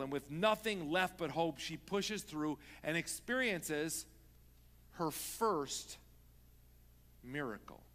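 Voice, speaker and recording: A man preaching a sermon as pastor, moving from hushed talk to loud pleading. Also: a little high, expressive, slow. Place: church sanctuary. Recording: long reverb of a church hall.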